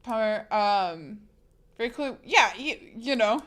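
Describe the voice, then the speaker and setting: A woman's voice: fairly high pitch, expressive, slow pace, fairly bright tone. A young woman streamer chatting casually with her live chat, reading comments aloud and rambling with many restarts.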